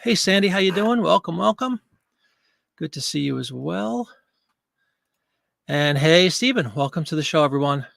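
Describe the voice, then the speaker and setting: A chatty, jokey man hosts a casual live stream, greeting his viewers one by one. His voice sits a little high and has a gravelly edge. The desk-mic sound is dry and close. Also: lively intonation, normal speed, long pauses, fairly bright tone, dry recording. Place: home studio with green screen. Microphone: desk microphone.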